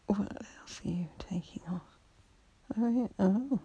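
A woman in a whispered role-play, teasing and flirtatious, often breaking into soft giggles. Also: medium pitch, unhurried, husky. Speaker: ASMR performer.

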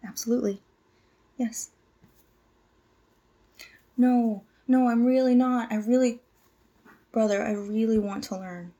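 A woman's voice: on the high side, fairly even intonation, takes it slowly, pauses often, warm tone. A woman in her twenties playing a nervous young cult initiate who stammers, apologizes and tries hard to please. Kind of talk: audio drama monologue.

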